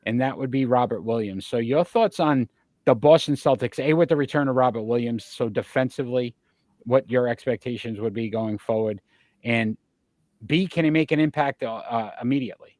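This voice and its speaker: Guy hosting a basketball talk show, rattling off stats, dry close mic, mid pitch. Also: brisk, a little mellow, no echo. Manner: asks long, winding questions packed with stats. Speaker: sports talk show host. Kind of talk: sports talk chat.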